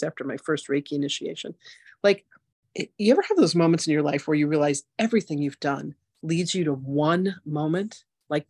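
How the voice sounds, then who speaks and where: A woman in her sixties hosting a spiritual masterclass, telling her story in a chatty, animated way full of "like" and "you know". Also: low voice, slightly rough, no room sound, clean studio sound. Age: 60s. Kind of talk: casual personal storytelling.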